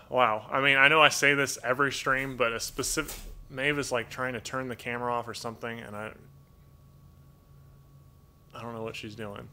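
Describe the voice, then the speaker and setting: A man chats on a live stream from his home, reading donations aloud and thinking out loud, halting and restarting often. His voice has a bright, forceful edge at a middling pitch. A faint hum sits behind him. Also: flat delivery. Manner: rambling, halting, many fillers and restarts; touched and grateful, thinking aloud. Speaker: livestream host reading donations. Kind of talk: casual live-stream chat. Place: home with pet toucans.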